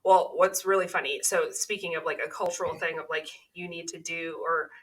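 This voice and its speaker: A woman's voice: fairly low pitch, steady tone, fairly quick, a bit bright, low-quality recording. A woman podcast host from California telling stories in a chatty, casual way, laughing as she goes. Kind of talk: casual conversation.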